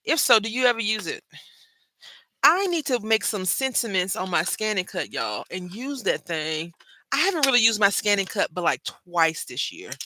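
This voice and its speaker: A woman hosting a craft channel, chatting with viewers while she makes a card, calling them "y'all" and jumping between loud remarks and hushed asides. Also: medium pitch, sing-song, moderate pace, no echo. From Brazil. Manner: chatty, talks straight to viewers, lots of "y'all". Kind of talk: casual chat while crafting live.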